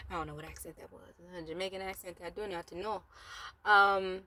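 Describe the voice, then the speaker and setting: A woman's voice: medium pitch, a little fast, sharp tone, dry recording. A woman giving a casual motivational talk from a parked car, chatty and rambling with asides. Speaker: motivational vlogger.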